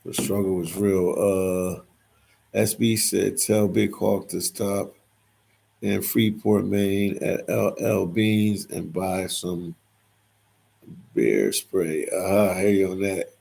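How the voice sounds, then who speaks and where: Gravelly deep-voiced man reading live chat. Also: slow pace, warm tone. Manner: reads chat comments aloud and replies, repeats phrases. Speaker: livestream host reading viewer comments. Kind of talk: casual livestream chat.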